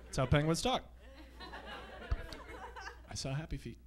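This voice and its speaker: A man's voice: on the high side, very animated, unhurried, a crowd in the background, noisy background. A man performing a live stand-up set on a comedy club stage, telling loose, rambling stories full of profanity.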